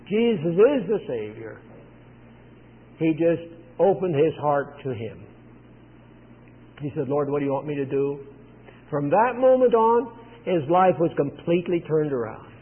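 A preacher delivering a sermon with earnest, emphatic storytelling. His voice is high and husky. It reaches us through a thin, phone-like channel with a long, lingering reverb.

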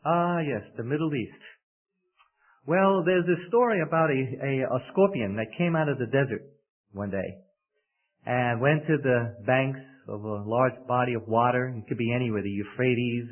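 A male preacher giving a sermon with storytelling, emphatic and building to loud peaks. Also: mid-range voice. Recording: tinny radio broadcast.

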